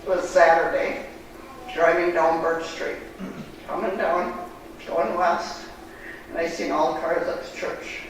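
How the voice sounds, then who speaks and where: A woman giving a heartfelt personal testimony at church, in halting, storytelling speech. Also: on the low side, little pitch movement. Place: church sanctuary. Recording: echoey church hall, distant mic, background noise.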